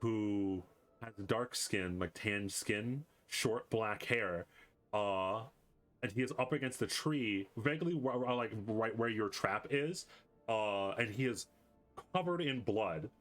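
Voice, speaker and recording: A man's voice: lowish voice, slow pace, a bit bright, faint music behind. A man narrating as game master, describing the scene with lots of fillers and self-corrections.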